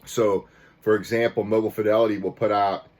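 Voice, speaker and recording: A record collector rants casually to camera in a lowish, level, darkish-toned voice at a brisk pace. Fired up and frustrated, he keeps restarting, repeats himself, and swears mildly.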